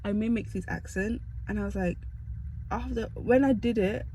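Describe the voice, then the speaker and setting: A woman's voice: medium pitch, normal speed, warm tone, slight background noise, low-quality recording. A young woman from the UK telling stories to camera in a chatty, self-mocking way. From United Kingdom. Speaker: vlogger. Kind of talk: casual storytelling to camera.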